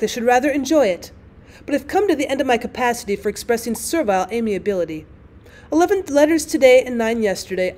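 A woman's voice: a little high, a little mellow, lightly acted. A woman voicing a weary, witty young wife who speaks with dry, tired defiance. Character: weary, witty young wife worn out by thank-you letters.

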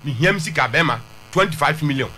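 A man's voice: fairly high pitch, animated, fast, pushed and bright, slight background noise. A man arguing his side in a talk-show dispute, insistent and repeating figures. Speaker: complainant.

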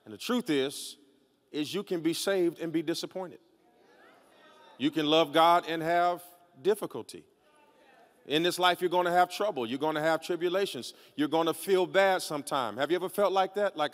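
A male pastor preaching a sermon in a large church, dramatic, sliding from low quiet talk up to shouting. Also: normal speed, long reverb tail. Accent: Southern US.

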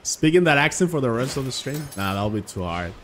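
A man's voice: medium pitch, big pitch swings, a little fast, fairly bright tone, slight background noise. A young man streaming a video game live, chatting casually with viewers and reacting aloud to the game. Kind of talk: casual live gameplay chat.

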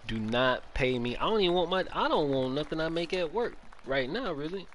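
Young male game streamer, lively swooping delivery, easygoing slangy banter with his chat, headset mic, faint hiss behind. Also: fairly high pitch, brisk. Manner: loose slangy banter, greets chat, laughs often. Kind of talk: casual stream chat while playing. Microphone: gaming headset.

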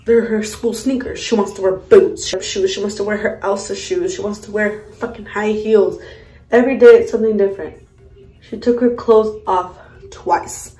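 Young mom vlogger, mid-pitched, blunt and profane, casual storytime, echoey home room. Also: female voice, steady tone, moderate pace, mellow. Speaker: vlogger, mother. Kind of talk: casual storytime while doing makeup.

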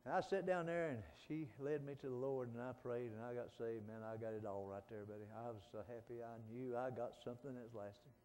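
A middle-aged man, preaching a folksy sermon that swings from soft pleading to loud fervent calls. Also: mid-range voice, fairly even intonation, a little fast, hardly any pauses. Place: church sanctuary. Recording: long church reverb.

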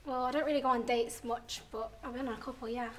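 A woman in her thirties, a contestant on a dating show, coy and quick with her answers. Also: a little high, steady tone. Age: 30s. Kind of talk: casual dating show chat.

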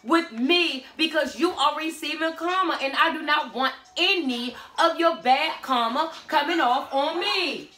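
A woman's voice: high voice, unhurried, few pauses, sharp tone. A woman giving a blunt, sassy tarot reading in casual chat. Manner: sassy, blunt, talks back to the cards. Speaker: tarot reader. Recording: roomy echo with faint music.

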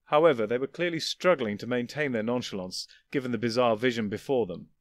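Male narrator, mid-pitch, dry close recording, steady dramatic reading. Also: brisk, dry recording. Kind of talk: audiobook narration of fan fiction.

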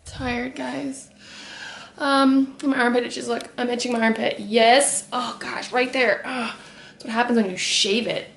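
A woman's voice: fairly high pitch, fairly even intonation, measured pace, gravelly, a bit bright, slight background noise. Chatty young woman vlogging at home. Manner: chatty, rambling, laughs often. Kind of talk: casual chat to camera. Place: at home, walking around the house.

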